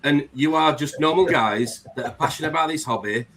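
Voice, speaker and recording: A man's voice: fairly high pitch, brisk, fairly bright tone, slight background noise. A man hosting a live-stream chat, talking in an earnest, rambling way. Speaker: host.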